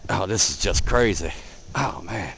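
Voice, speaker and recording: A man filming outdoors in a blizzard on a handheld camera, giving excited casual commentary, cold and a bit out of breath. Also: deep voice, a little slow, slight background noise, low-quality recording. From Delaware, USA. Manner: excited, repeats himself, calls viewer man. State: out of breath, face numb from cold. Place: outdoors in a blizzard, wind and snow. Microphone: handheld camera mic.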